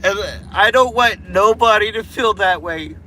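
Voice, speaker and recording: A man's voice: high voice, unhurried, bright, forceful tone, slight background noise. A man livestreaming, giving viewers an earnest, emotional pep talk full of swearing.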